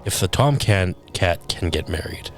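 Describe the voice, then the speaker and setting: A man co-hosting a game livestream, cracking dry, deadpan jokes in casual chat. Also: deep voice, normal speed, soft background music. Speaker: livestream co-host.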